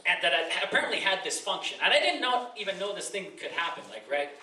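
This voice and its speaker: A man in his thirties from Chile doing live stand-up, rambling casually with lots of "like" fillers and profanity, and he jumps into loud high voices to act out scenes. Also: very animated, fast talker. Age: 30s. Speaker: stand-up comedian. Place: comedy club with a live audience. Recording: echoey club from far off, loud noise.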